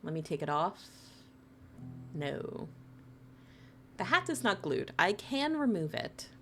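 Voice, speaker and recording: A woman from New Jersey chatting casually with viewers on a live stream, playful and teasing, laughing often and swooping high in pitch when excited. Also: slow pace, soft background music.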